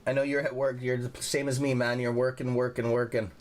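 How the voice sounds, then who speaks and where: A man's voice: medium pitch, little pitch movement, fairly quick. A man hosting a livestream, telling rambling stories with a lot of profanity. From Canada. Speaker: livestream host. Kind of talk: casual livestream chat.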